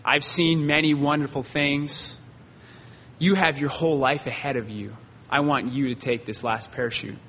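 A man voicing a self-sacrificing elderly preacher who speaks with slow, solemn kindness in a husky voice. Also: mid-range voice, fairly even intonation, pushed and bright, in a large hall, a little hiss or hum, pitched below the performer's own voice. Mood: tender.

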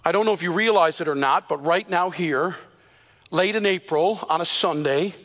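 A man preaching a Sunday sermon as a pastor, emphatic, slowing down to stress the scripture he quotes. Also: fairly high pitch, fairly bright tone, in a large hall. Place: church sanctuary.

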